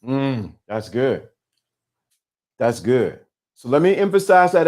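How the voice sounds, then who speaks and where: A man's voice: medium pitch, very animated, unhurried. A middle-aged man hosting a live-streamed talk, speaking with emphatic repetition and a preacher-like cadence. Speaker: host.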